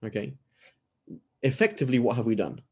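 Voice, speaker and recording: Man, British accent, warm mellow tone, conversational lecture, frequent "right?", video call audio. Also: mid-range voice, lively intonation, brisk, husky. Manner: conversational, keeps asking "right?" and acts out little dialogues. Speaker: Islamic scholar teaching a class.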